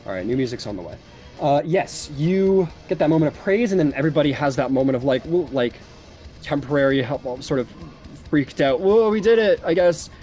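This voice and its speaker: Casual game master, faint music behind. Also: male voice, medium pitch, fairly quick, a little mellow. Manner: loose, casual narration with many fillers. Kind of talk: narrating a tabletop game. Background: faint background music.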